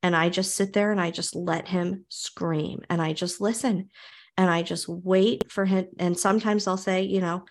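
Calm, reflective woman podcast host. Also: on the low side, moderate pace. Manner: calm and reflective, repeats phrases for emphasis. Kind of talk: conversational podcast interview.

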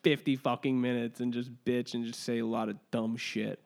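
A man's voice: mid-range voice, little pitch movement, moderate pace, creaky, a little mellow. A man hosting a casual podcast, joking loosely and swearing freely. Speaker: podcast host.

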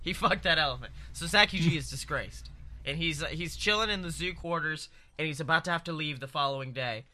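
A man co-hosting a comedy podcast, pitching an absurd story in an excitable, rambling way with heavy swearing. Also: a little fast. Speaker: podcast co-host.

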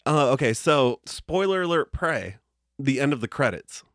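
A man's voice: mid-range voice, lively intonation, moderate pace, a bit bright, dry recording, studio quality. A man co-hosting a podcast, talking casually about movies in a laid-back way, slightly congested. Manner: laid-back, chatty, laughs often. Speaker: podcast co-host. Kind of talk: casual chat.

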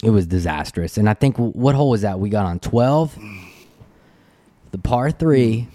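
A podcast host, a man, tells a golf story in a loose, chatty way. His pitch jumps around as he acts out the moments, and he breaks into laughter often. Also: lively intonation, normal speed, warm tone. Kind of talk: casual chat, storytelling.

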